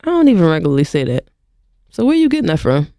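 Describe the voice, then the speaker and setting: A woman co-hosting a podcast, talking in a casual, emphatic way with lots of quick interjections. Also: low voice, very animated, warm tone, no room sound, clean studio sound. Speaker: podcast co-host. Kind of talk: casual chat.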